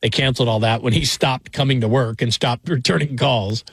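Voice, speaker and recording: Chatty sports radio host, dry studio sound. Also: male voice, medium pitch, fairly even intonation, a little fast, husky, no room sound. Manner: chatty, rambling, laughs while telling stories. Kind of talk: casual talk radio monologue. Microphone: studio microphone.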